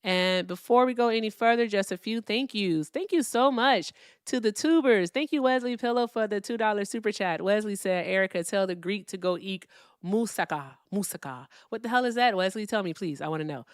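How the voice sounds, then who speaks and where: A woman hosting a political call-in livestream, speaking in a relaxed, profane, wry way as she reads out donor messages and thanks viewers. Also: on the high side, brisk, clear, resonant tone, no echo, studio quality. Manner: speaks softly, not loudly. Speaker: livestream political debate host. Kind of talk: casual livestream chat.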